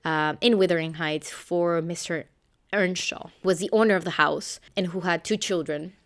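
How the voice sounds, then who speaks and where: Young woman, scripted book review, low smooth voice, measured and steady.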